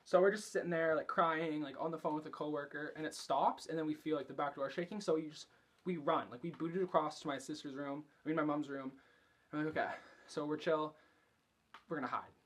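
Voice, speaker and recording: A man's voice: fairly high pitch, steady tone, a little fast, fairly bright tone. A young man vlogging, telling a story casually and chattily, swearing a lot and filling every sentence with fillers. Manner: chatty, profane, filler-heavy.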